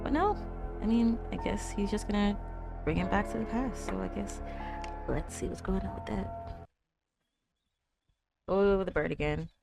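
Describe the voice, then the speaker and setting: A young woman casually commenting on a show as she watches, chatty and quick to exclaim and talk back at the screen. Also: medium pitch, fairly even intonation, vocal fry, loud music behind the voice. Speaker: anime reaction host.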